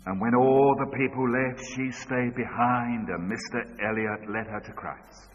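Man preaching slowly in a big echoing hall; rises to loud urgent calls, drops to a quiet storyteller's hush; muffled old recording. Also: mid-range voice, fairly even intonation, a little hiss or hum. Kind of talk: sermon with told story. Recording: dull sound with long hall reverb.

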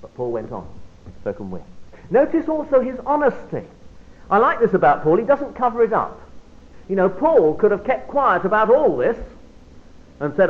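Animated preacher over a narrow line. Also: male voice, sits high, normal speed, pauses often. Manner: expressive, emphatic delivery with sudden drops to quiet. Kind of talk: Bible study sermon. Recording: phone-like narrow band.

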